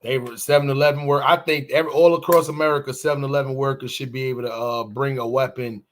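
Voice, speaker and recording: A man co-hosting a casual morning podcast, talking in an animated, profane way and swinging his voice around when he acts out quotes. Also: medium pitch, fast talker. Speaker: podcast co-host. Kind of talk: casual morning show banter.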